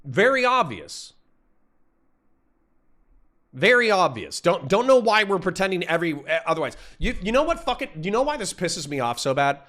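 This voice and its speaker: Talking to his chat in a high, sing-song, slightly bright voice, a young Florida streamer delivers a heated rant full of profanity. He keeps stopping short to apologize, then launches right back into the attack.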